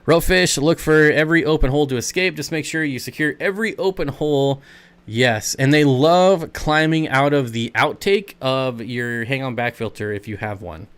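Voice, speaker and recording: Smooth-voiced chatty male stream host. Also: medium pitch, normal speed, fairly bright tone. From United States. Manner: chatty, rambling, reads and answers chat comments. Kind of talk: casual live stream Q&A.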